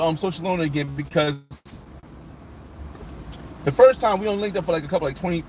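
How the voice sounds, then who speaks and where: A man's voice: a little high, fast talker, long pauses, darkish tone, a little hiss or hum. A man hosting a casual live chat, rambling with many restarts and fillers.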